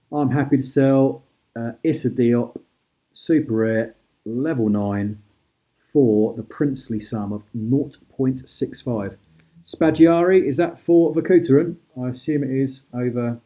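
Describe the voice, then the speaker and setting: A man hosting a live-stream auction, chatty and brisk as he calls out prices and thanks bidders. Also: mid-range voice, fairly even intonation, highs cut off. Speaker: host auctioning cards.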